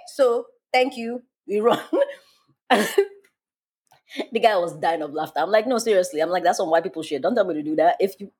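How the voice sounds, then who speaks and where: Husky woman podcast host, super animated storytelling, acts out quotes, laughs a lot. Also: mid-range voice. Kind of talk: casual storytelling.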